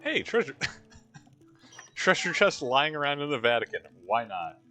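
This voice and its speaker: A man's voice: fairly high pitch, very animated, measured pace, sharp tone, soft background music. A man hosting a let's play, giving casual gameplay commentary with wry, joking asides.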